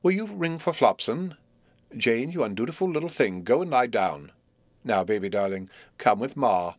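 A man voicing a haughty, imperious mother who scolds in a shrill, indignant tone. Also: expressive, normal speed, no echo, lightly acted. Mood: commanding.

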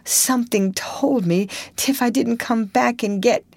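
A man's voice: extremely high pitch, unhurried, vocal fry, no echo, voice pushed up, exaggerated voice. A woman voicing a frightened, broken middle-aged village man who sobs and pleads in rustic speech. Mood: sobbing plea.

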